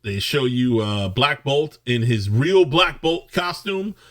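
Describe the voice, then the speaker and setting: A man reviews a film in a loose, rambling way, peppering his rant with curses and sarcastic asides. His voice sits at an ordinary middle pitch. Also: animated, slow, fairly bright tone. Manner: profane, sarcastic ranting. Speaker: movie reviewer.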